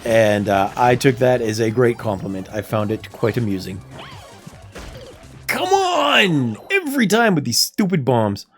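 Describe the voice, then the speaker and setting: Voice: mid-range voice, normal speed, hardly any pauses, a little mellow. A streamer chatting casually while playing a game, talking to themself and laughing often, with faint game music behind. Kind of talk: casual livestream chat while gaming.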